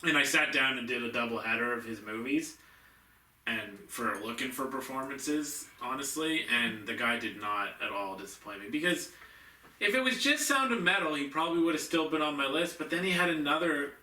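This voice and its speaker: A man's voice: mid-range voice, animated, fairly quick, sharp tone, recorded from a distance. A man co-hosting a casual movie review chat, easygoing and repeating words as he talks. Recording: echoey room, mic set back.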